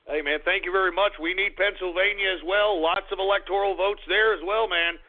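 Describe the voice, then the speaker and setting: A man's voice: high voice, steady tone, a little fast. A man hosting a call-in talk radio show, ranting and sarcastic, swearing often at his callers. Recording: tinny phone-like lo-fi audio.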